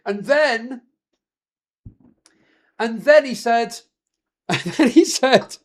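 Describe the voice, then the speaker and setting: Animated, laughing man. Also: high voice, moderate pace, long pauses. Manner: chatty, laughs often, swears, animated storytelling. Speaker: streamer. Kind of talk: casual live-stream commentary.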